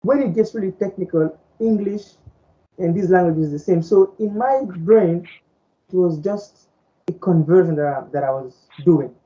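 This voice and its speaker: Woman co-host, Fulani native from French-speaking Africa, dark low voice, rambling casual chat, dull lo-fi sound. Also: normal speed. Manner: rambling, repeats words, many "you know"s. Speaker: podcast co-host. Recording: dull lo-fi audio.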